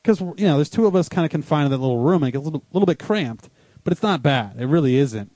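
A man's voice: a little high, lively intonation, fast, dark tone, no room sound. A young man hosting a casual radio chat show, telling rambling, self-deprecating stories.

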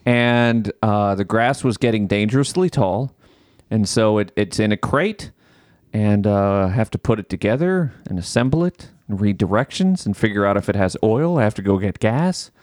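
Man, podcast host, casual chat, swears a lot, animated storytelling, dry close mic. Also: on the low side, moderate pace, no room sound. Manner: profane, animated storyteller acting out his own exasperation.

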